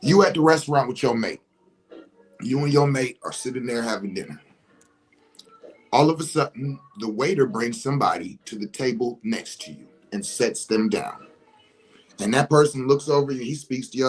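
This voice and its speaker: A man's voice: medium pitch, lively intonation, normal speed, slightly rough, rough recording. A man, talking in a casual monologue and acting out scenarios with rhetorical questions. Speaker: commentator.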